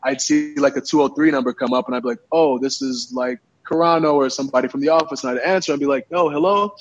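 A man as an interview guest, telling stories in a casual, animated way, with lots of fillers and restarts. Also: mid-range voice, fast talker, faint music behind. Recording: dull, muffled recording.

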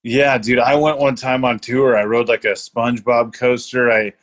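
A man's voice: mid-range voice, flat delivery, moderate pace, fairly bright tone. A young man in casual chat, rambling through a story with lots of swearing and laughter.

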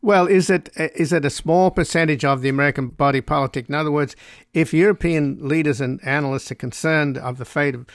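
A man's voice: a little high, fairly even intonation, a little fast, no room sound, studio quality. A man hosting a radio interview, asking long, probing questions. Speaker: radio host.

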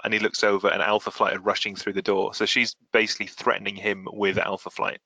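A man's voice: fairly low pitch, level tone, fairly quick, hardly any pauses, bright, forceful tone, dry recording. A man hosting a casual comic-book podcast, recapping the plot with quoted lines and frequent laughs. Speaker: podcast host.

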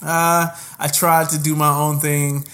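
A young man co-hosting a podcast in a relaxed, joking way, often hesitating with fillers. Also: on the high side, a little slow. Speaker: podcast co-host. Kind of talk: casual chat.

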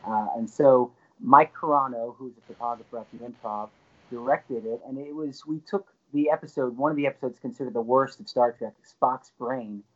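A man guest on an interview, telling an excited anecdote with lively jumps in his voice. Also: normal speed, lo-fi sound. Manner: animated, excited storyteller with frequent pitch jumps. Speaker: guest actor. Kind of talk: casual anecdote storytelling.

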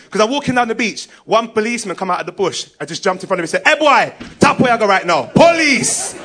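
Male comic, quick and high-pitched, lively storyteller. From England. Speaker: stand-up comedian. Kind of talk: live stand-up storytelling.

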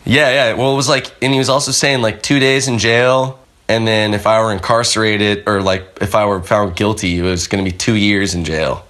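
A man's voice: on the low side, fairly even intonation, moderate pace, a bit bright. A young man, a podcast guest and pro skateboarder, telling a story casually with lots of fillers, swearing and acted-out voices. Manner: rambling, filler-heavy, swears, acts out the voices in his stories.

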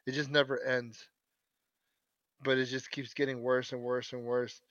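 A man's voice: medium pitch, level tone, measured pace, a bit bright, no room sound, highs cut off. A man co-hosting a podcast in casual chat, slangy and profane, often tacking on "man.". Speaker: podcast co-host.

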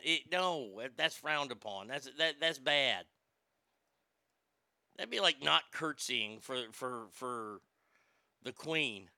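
Brief: male show host, sharp bright tone, dry close sound, profane irreverent comedic commentary. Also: mid-range voice, lively intonation, takes it slowly, vocal fry, pauses often, no room sound.

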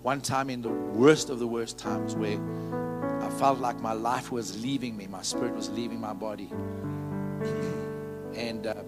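A man preaching a sermon as pastor, fervent and candid, leading the congregation in call-and-response and sharing his own testimony. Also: on the low side. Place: church service. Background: piano music.

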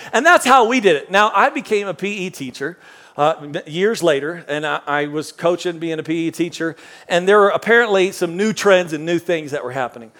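A middle-aged male pastor giving a sermon as comic storytelling, animated and jokey, acting out loud outbursts. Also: high voice.

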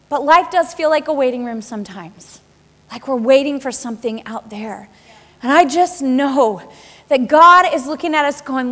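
A woman in her thirties preaches with a very high, bright-toned voice, talking to the congregation like friends and piling up rhetorical questions. Her sermon rings out with a long reverb in a large church hall. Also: moderate pace. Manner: lively, conversational, with rhetorical questions and repetition.

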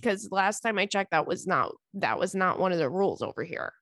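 Woman podcast host reading letters, giggly and chatty, mid pitch, dry close mic. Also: animated, normal speed, dry recording. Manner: giggly, breaks into laughter often. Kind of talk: casual chat.

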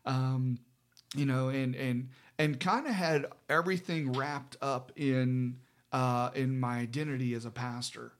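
Speaking at medium pitch with fairly even intonation, a middle-aged pastor shares something from his own life in relaxed conversation. He stumbles through it, restarting sentences and leaning on fillers.

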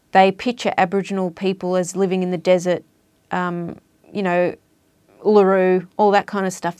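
A woman's voice: mid-range voice, darkish tone, no room sound. A woman talking casually as an interview guest about language and culture, explaining things in a chatty way. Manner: chatty, explanatory, trails off at ends of points.

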